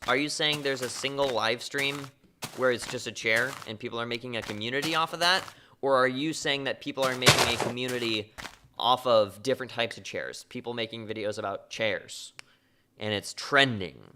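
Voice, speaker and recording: A man's voice: medium pitch, pushed and bright, slight background noise. A man live streaming a game, chatting casually and joking offhand in reply to his chat.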